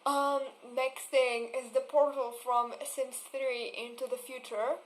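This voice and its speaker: Slow-talking young woman ranting casually. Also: high-pitched, flat delivery, low-quality recording. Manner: swearing, laughing, exasperated asides; mocks voices with exaggerated vocal fry. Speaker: vlogger.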